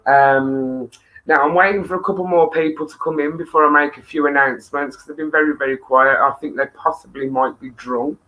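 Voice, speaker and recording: A woman's voice: sits low, fairly even intonation, brisk, fairly bright tone, poor audio. A woman hosting a live-stream chat show, affectionate and teasing with her viewers. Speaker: host. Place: home studio.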